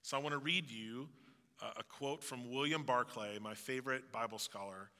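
A man's voice: mid-range voice, normal speed, sharp tone, big-room sound. A male pastor giving a sermon, earnest and preaching, with jokey asides.

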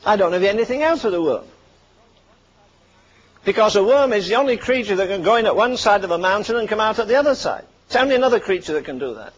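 A man's voice: sits high, low-quality recording. An older man preaching a fervent sermon, firing punchy rhetorical questions and dropping dry asides between warnings.

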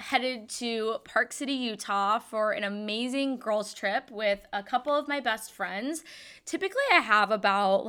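A woman's voice: on the high side, sharp tone, clean tone. A young woman hosting a podcast, telling a personal story in a chatty way full of "like" fillers. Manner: chatty, frequent "like" fillers, yawns and laughs. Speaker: podcast host. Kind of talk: casual storytelling monologue.

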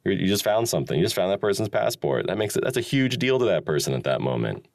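Very deep-voiced man musing aloud. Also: very animated, quick pace, creaky, darkish tone, no room sound, studio quality. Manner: rambling and musing, with frequent chuckles and restarts. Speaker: podcast host. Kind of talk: solo reflective monologue.

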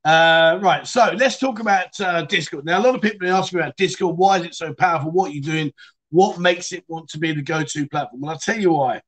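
A man's voice: on the high side, fast, a bit bright. A man hosting a casual livestream chat show, reading out viewer stories and telling his own in a chatty, cheeky way. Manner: chatty, cheeky storyteller who laughs as he goes.

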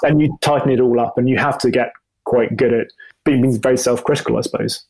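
Man, gravelly, middle pitch, rambling, self-deprecating interview answers. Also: steady tone, fast, a little mellow, rough recording. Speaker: motoring journalist and video presenter.

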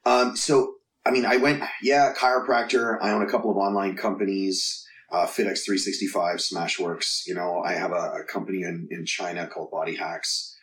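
A very low-voiced man talks through his story as a guest, frank and loose, cursing freely. He sounds roomy and set back from the mic. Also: little pitch movement, moderate pace, hardly any pauses, a bit bright, far from the mic. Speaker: podcast guest. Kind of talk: casual storytelling interview.

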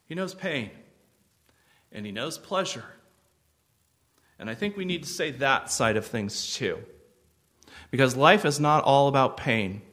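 A man preaching a sermon as pastor, earnest and gentle, with sudden swells of intensity. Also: medium pitch, animated, measured pace, pauses often.

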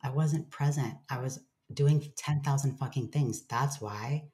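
A woman guest in an interview talks with candor and reflection, her voice unusually deep and low with a dark tone and a slightly slow delivery. She drops swear words offhandedly and does playful voices whenever she quotes her own self-talk.

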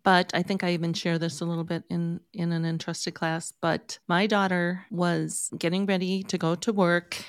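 A woman's voice: fairly low pitch, level tone, moderate pace, few pauses, clear, resonant tone, dry recording, clean studio sound. An older woman on a podcast, telling a story in an easygoing way. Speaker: podcast guest. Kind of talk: casual chat, storytelling.

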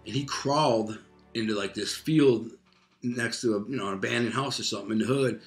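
A man's voice: medium pitch, brisk, faint music behind. A man casually telling a personal story in loose, profane street talk, full of fillers like "man" and "like.".

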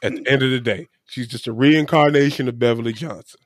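A man's voice: medium pitch, fast, dry recording. Frank, rambling man on a dry mic. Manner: rambling, frank, swears casually. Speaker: podcast co-host. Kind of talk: casual chat.

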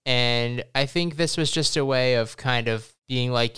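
A woman's voice: a bass voice, a little slow, fairly bright tone, smooth. A woman co-hosting a podcast, chatting casually about a TV episode with dry, teasing humor. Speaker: podcast co-host. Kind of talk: casual recap chat.

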